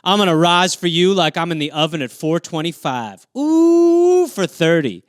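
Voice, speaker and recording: A man's voice: fairly high pitch, moderate pace, fairly bright tone, clean tone, no echo. A man from Wisconsin riffing through silly prompts on a livestream, playfully dropping into comic voices. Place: home, livestream. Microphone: phone or webcam.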